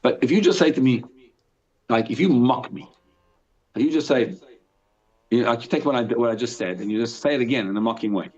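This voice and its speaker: A rabbi teaches a live Torah class in an animated way, posing questions and answering them himself and reading Hebrew text aloud. His voice is mid-range and he talks a little fast with long pauses, and the recording sounds dull and lo-fi.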